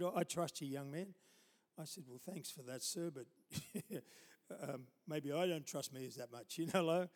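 Pastor preaching in a reverberant hall. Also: male voice, on the high side. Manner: storytelling with chuckles, building to loud emphatic preaching. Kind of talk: sermon. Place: church.

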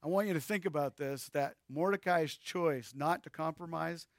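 A man's voice: on the high side, moderate pace, no room sound, studio quality. A male pastor preaching a sermon with emphasis and addressing his listeners directly.

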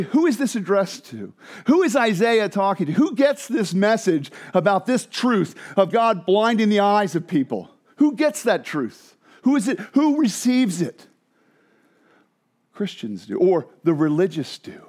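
High-voiced, animated male preacher. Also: measured pace. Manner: animated, conversational preaching with laughs and asides; drops low and quiet for emphasis. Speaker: pastor. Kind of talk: sermon.

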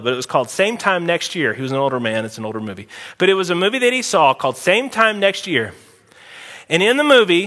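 A man preaching a sermon as pastor, emphatic and animated, with sudden loud outbursts. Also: on the high side. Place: church sanctuary. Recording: long hall reverb.

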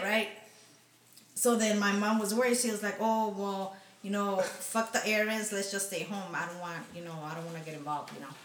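A woman from Los Angeles recounting a memory in casual chat, halting with frequent ums. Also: mid-range voice, a little hiss or hum. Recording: echoey room.

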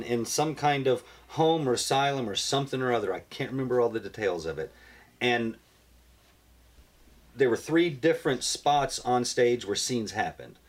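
A man casually telling a story on a podcast, animated and swearing, acting out what he said. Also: lowish voice. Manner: animated, profane, acts out his own lines.

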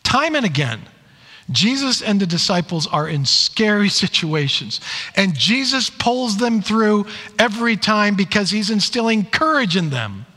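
Lively high-voiced male preacher. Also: a little slow. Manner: animated storytelling, acts out quoted lines. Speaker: pastor. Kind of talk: sermon. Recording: long hall reverb.

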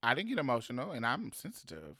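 A podcast co-host in casual chat about a TV episode, animated and quick to laugh, who turns earnest when making a point. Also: medium pitch, dry recording, clean studio sound. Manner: animated, slipping into quoted voices and laughter.

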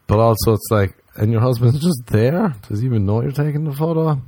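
An Irish man doing stand-up comedy, rambling through profane stories and mocking people in put-on high voices. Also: fairly quick, darkish tone, slightly rough, dry recording. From Ireland.

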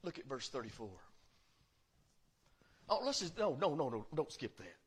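A man preaching a sermon as pastor, swinging between loud proclaiming and quiet, confiding asides. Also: medium pitch, big pitch swings, moderate pace, slight background noise. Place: church sanctuary.

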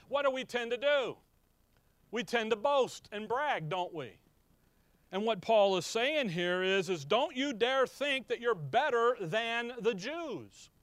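A man preaching a sermon who keeps asking the congregation questions and answering them himself. He slows down on key words and swings from loud emphatic bursts to quiet low asides. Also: no room sound.

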